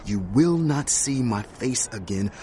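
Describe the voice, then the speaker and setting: A man's voice: medium pitch, lively intonation, measured pace, warm tone, a little hiss or hum, lightly acted. Judah, a man playing an insistent brother. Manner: urgent, insistent. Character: insistent brother bargaining with his father. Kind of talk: audio drama acting.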